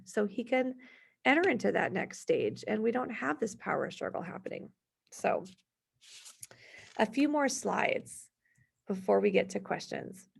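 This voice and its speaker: Woman in her 30s, parenting workshop host, slightly high, husky voice, chatty storyteller. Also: a little mellow. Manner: chatty, storytelling, gives worded examples. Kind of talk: conversational workshop presentation.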